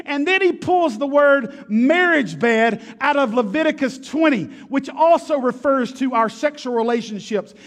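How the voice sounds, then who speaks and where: Man, pastor, sermon, very high-pitched, emphatic, rhetorical questions, long hall reverb.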